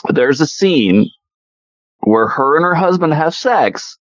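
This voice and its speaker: A man's voice: on the high side, takes it slowly, no echo. A man co-hosting a casual movie review podcast, exasperated and swearing, acting out characters as he retells scenes. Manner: exasperated, animated, swears, acts out characters mid-story. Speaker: podcast co-host. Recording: dull lo-fi dry sound.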